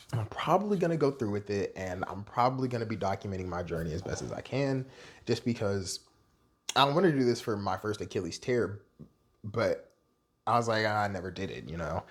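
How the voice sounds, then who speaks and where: A man's voice: lowish voice, breathy edge. A young adult man vlogging in a candid, rambling, self-deprecating way. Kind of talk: casual personal vlog monologue.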